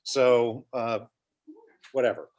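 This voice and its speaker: A man's voice: medium pitch, slow, darkish tone. Matter-of-fact man sharing movie trivia. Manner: confident, matter-of-fact, laughs easily. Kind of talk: casual chat.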